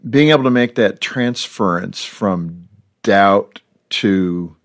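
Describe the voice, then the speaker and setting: Low-voiced man hosting a faith interview. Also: slow pace. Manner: warm, probing questions with fillers. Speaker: talk show host. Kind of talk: interview conversation.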